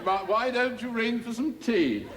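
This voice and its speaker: A man, a contestant, playing a posh gentleman in a farce with a hammy put-on posh voice. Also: very high-pitched, expressive, measured pace, crowd noise, pitched below the performer's own voice. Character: amateur playing posh gent Basil. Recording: noisy studio with a loud audience.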